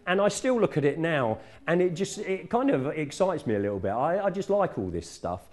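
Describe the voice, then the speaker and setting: A man's voice: a little high, very animated, a little fast. A middle-aged man, preaching a sermon in a church in a conversational, self-correcting teaching manner.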